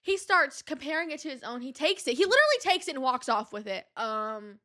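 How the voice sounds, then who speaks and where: A young adult woman hosting a podcast, telling casual stories in an animated, exasperated way with lots of "like" and "um". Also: high voice, brisk. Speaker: podcast host. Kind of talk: casual storytelling monologue.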